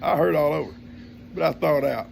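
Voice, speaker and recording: Gravelly older Texan storyteller. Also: male voice, on the high side, fairly quick, darkish tone, a little hiss or hum. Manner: folksy, homespun grammar, chuckling storyteller. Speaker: vlogger telling a family story. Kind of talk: casual storytelling.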